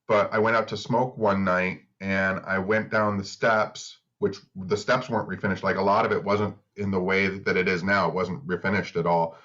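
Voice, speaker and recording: A man co-hosting a podcast, telling stories in a relaxed, easygoing way. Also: low voice, moderate pace, few pauses. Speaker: podcast co-host. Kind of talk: casual chat. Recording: slightly dull lo-fi mic.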